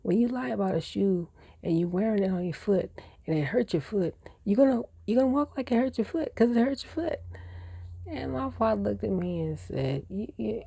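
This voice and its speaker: In a casual vlog, a woman in her forties shares childhood stories, reminiscing in a meandering way and correcting herself as she goes. Her medium-pitched voice is expressive and fairly quick, creaky and husky with a dark tone, in a dry recording.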